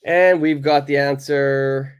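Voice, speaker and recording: A man's voice: medium pitch, steady tone, slow, clear, resonant tone, lo-fi sound. A man teaching a live online English lesson, patiently repeating his questions to the viewers.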